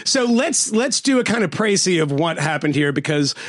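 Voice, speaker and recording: A man's voice: a little high, very animated, normal speed, no room sound, studio quality. A man hosting a casual podcast chat, wry and rambling, laughing often between his jokes. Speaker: podcast host.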